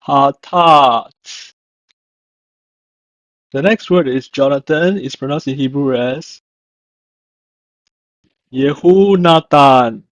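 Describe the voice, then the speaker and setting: A man teaching a language lesson, speaking slowly and deliberately and repeating each word to show how it is pronounced. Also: medium pitch, darkish tone, dry recording. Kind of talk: slow instructional narration. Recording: dull lo-fi dry voice-over.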